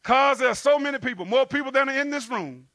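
A man preaching a sermon and telling a story, with animated delivery and sudden loud bursts. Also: very high-pitched, quick pace, dry recording.

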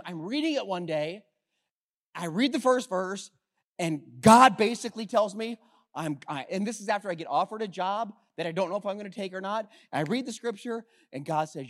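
A man preaching a sermon as pastor, talking conversationally with rhetorical questions and swinging between hushed and loud. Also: high-pitched, expressive, fairly quick.

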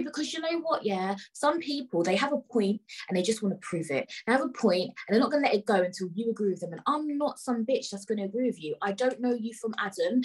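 A young woman with a London accent telling an animated, indignant story in a casual rant, full of swearing and slang. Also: on the high side, slightly rough, rough recording. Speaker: vlogger.

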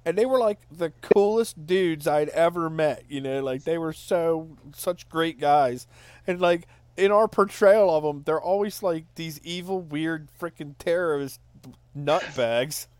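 A man's voice: a little high, measured pace, darkish tone, clear, resonant tone, dry recording. A man co-hosting a casual movie podcast, laid-back and joking. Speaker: podcast co-host.

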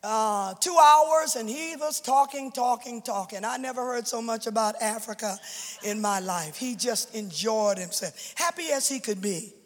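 A woman's voice: fairly high pitch, measured pace. Woman, a pastor's widow, giving emotional church testimony into fervent preaching; long reverb from a big hall.

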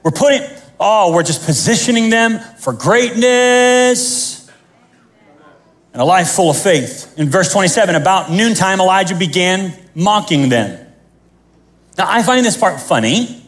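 A man preaching a sermon as pastor, animated and joking, acting out the scenes he tells. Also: high voice, measured pace.

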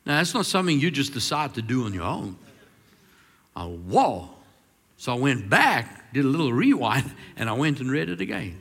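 A man preaching a sermon as pastor, swinging between emphatic, drawn-out declarations and quieter, confiding storytelling. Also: mid-range voice, husky, long reverb tail.

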